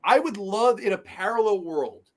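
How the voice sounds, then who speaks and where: A man in casual podcast chat about movies, animated and swearing freely, often trailing off into fillers. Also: high-pitched, normal speed. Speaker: podcast co-host.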